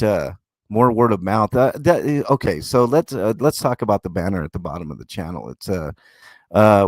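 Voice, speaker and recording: A man's voice: on the low side, dry recording. A man hosting a casual livestream, reading chat messages aloud and rambling with many fillers, restarts and swearing. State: talking with a mouth full of food.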